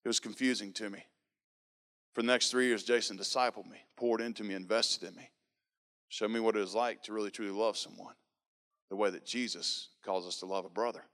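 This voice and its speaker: Smooth-voiced man telling his testimony. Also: on the low side, brisk. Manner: earnest, storytelling, animated quoting. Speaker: speaker giving a testimony. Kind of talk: personal testimony sermon.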